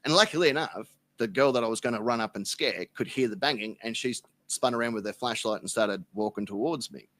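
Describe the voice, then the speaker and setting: A man's voice: mid-range voice, fast talker, hardly any pauses, fairly bright tone, dry recording. An Australian man, a podcast guest, telling a rambling, profane anecdote in casual chat. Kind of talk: casual storytelling.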